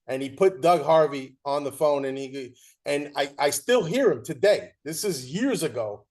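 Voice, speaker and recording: A man's voice: a little high, animated, moderate pace, a little mellow. A man hosting a show, animatedly telling a story and thanking his guest. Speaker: show host. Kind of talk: casual interview, storytelling.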